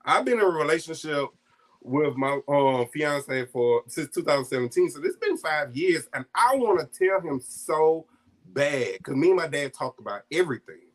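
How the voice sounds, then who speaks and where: A man telling a personal family story in a casual, animated way, laughing often and acting out what his family said. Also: fairly high pitch, moderate pace. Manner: acts out quoted family voices. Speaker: guest storyteller.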